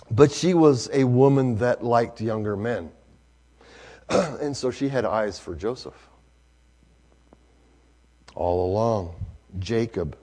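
A male preacher, telling a story in a sermon, swinging from hushed to loud. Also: on the low side, breathy edge.

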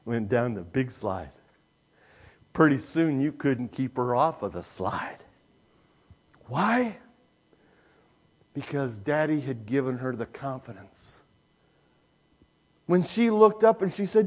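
A male pastor preaching a sermon, telling a folksy family story with lively sound effects before drawing a lesson. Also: a little high, slow pace, pauses often.

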